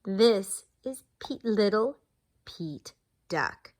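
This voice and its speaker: A woman voicing a proud, excited mother duck in a storybook read-aloud, calling out in a high sing-song. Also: drawn-out words.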